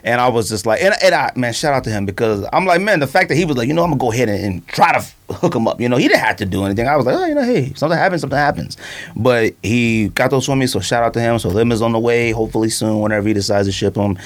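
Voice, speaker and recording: A man's voice: medium pitch, racing. A man hosting a podcast in casual chat, telling stories with lots of laughter and quoted asides. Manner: animated storytelling, laughs often, acts out quotes. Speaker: podcast host. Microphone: studio microphone.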